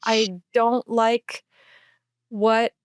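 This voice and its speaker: A woman's voice: fairly high pitch, little pitch movement, dry recording, studio quality. A woman from the United States, a podcast guest and author, talking in a heartfelt, earnest and emotional way. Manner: earnest and emotional, speaks slowly with feeling.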